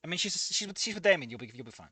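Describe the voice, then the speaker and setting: A man's voice: fairly high pitch, big pitch swings, racing, pushed and bright, slightly rough, no room sound. A man reading a fan story aloud and commenting on it, ranting and swearing with stammering restarts. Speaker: fan fiction reader and commentator.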